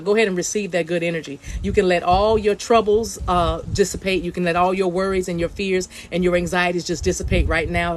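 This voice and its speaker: A woman hosting a livestreamed spiritual reading from her outdoor deck. She chats casually, repeats her phrases and drops into chanted light language. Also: on the low side. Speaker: spiritual reader.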